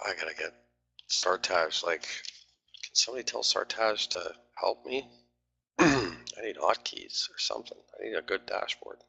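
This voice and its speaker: A man's voice: deep voice, animated, unhurried, creaky, bright, forceful tone, breathy edge. A man talking through live trades on a stream, grumbling and swearing at his trading platform.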